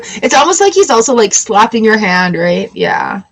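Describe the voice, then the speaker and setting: A woman's voice: medium pitch, sing-song, moderate pace, husky. A woman giving a live-streamed tarot reading in a chatty, emotional way, weepy and laughing often. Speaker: tarot reader.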